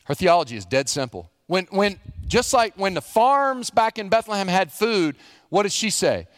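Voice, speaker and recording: A middle-aged man, a pastor preaching a sermon, animated, acting out the quotes he reads. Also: high-pitched, normal speed, no echo, studio quality.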